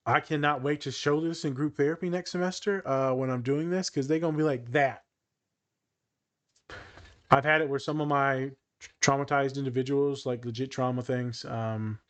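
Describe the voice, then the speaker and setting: A young man hosting a podcast, chatting casually and joking, with casual swearing. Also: medium pitch. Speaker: podcast host and therapist. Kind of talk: casual chat.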